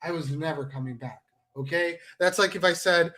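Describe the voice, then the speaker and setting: A man's voice: fairly high pitch, normal speed, pushed and bright. A male pro wrestler in a heated, sarcastic, profane rant straight to the camera. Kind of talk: angry direct-to-camera rant.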